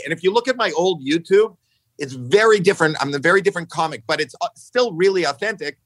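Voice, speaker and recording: A man in his sixties telling stories casually on a podcast, animated, jumping into acted-out quotes, swearing freely, often restarting his sentences. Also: quick pace, no echo, poor audio. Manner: animated, acts out quotes with jumps in pitch. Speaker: podcast guest. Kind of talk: casual storytelling chat.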